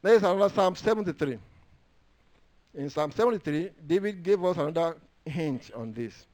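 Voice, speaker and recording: A man preaching a sermon, quoting and reading scripture, moving between hushed low asides and loud raised declarations and drawing out words for stress. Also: lively intonation, moderate pace.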